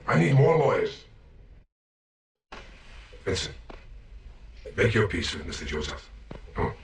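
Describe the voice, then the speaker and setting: An actor playing an aging mob boss who speaks quietly and weighs each word, in a film drama. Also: male voice, on the low side, very animated, unhurried, gravelly, a little hiss or hum, heavily acted. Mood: measured. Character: aging male mob boss, measured and guarded. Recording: roomy film soundtrack with faint score.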